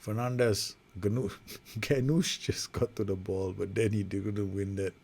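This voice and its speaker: A man's voice: lowish voice, steady tone, measured pace, vocal fry, a little mellow, slightly rough. A man giving casual, rambling, self-mocking play-by-play commentary over a football management game he is playing. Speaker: gaming video host.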